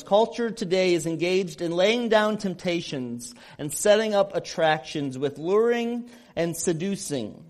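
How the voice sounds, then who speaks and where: A man from Illinois preaching a sermon as pastor, earnest and emphatic, repeating his points. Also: sits high.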